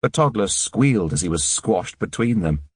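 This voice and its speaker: A man narrating an audiobook in a measured, sombre reading. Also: fairly low pitch, animated, breathy edge, dry recording, studio quality. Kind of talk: scripted narration.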